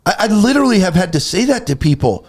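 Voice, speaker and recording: Fast and high-voiced, with big pitch swings, a man co-hosts a Christian talk show. He gets heated and emphatic, acting out little quoted conversations in casual, preachy faith talk.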